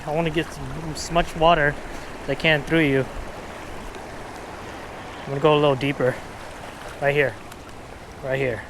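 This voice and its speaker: An excitable man fishing at a river, talking to his viewers and a little out of breath, recorded outdoors on an action camera. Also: a little high, a little hiss or hum. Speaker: fishing vlogger. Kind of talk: casual fishing vlog.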